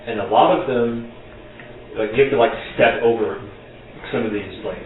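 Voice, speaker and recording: A man's voice: mid-range voice, moderate pace, distant mic. A game master voice from a man talking a tabletop scene into being, casual and searching for words. He sits back from the mic in a very echoey room. The sound is thin and phone-like with faint hiss. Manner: descriptive, loose, full of "like". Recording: tinny, echoey online call from the mic.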